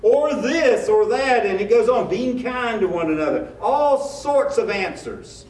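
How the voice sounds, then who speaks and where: A man's voice: very high-pitched, expressive, measured pace, a little mellow. A man preaching a sermon as a pastor, in a conversational style with rhetorical questions. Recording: echoey room, mic at a distance.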